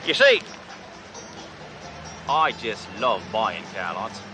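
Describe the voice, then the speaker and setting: A man's voice: fairly low pitch, lively intonation, slow, noisy background. An actor doing a put-on Australian accent as a boastful male tycoon, with a blustery, bragging delivery. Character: loud fake Aussie tycoon, boastful male car buyer.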